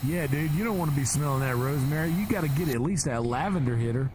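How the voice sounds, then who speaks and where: A man co-hosting a podcast, joking in a deadpan casual way. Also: on the high side, fast, background noise. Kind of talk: casual chat.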